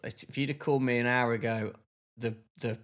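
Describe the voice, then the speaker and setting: Bloke on a chatty podcast, animated, gets worked up telling a story. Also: male voice, medium pitch, fairly quick. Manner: animated storyteller, lively bursts of exasperation. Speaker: podcast co-host. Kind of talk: casual chat.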